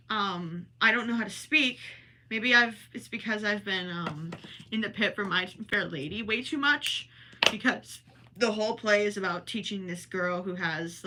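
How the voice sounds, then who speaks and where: A woman's voice: medium pitch, bright, forceful tone. A young woman hosting a crochet livestream, chatting casually with viewers and rambling as she works, sometimes turning from the mic. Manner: chatty and rambling, self-correcting, talks while working. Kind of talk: casual chat while crocheting live.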